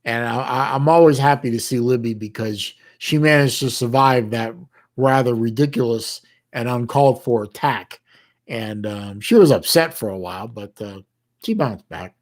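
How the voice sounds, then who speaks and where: Hosting a livestream, this middle-aged man from the United States reads his chat and talks casually in a medium-pitched voice. His speech is halting, full of restarts and folksy slang.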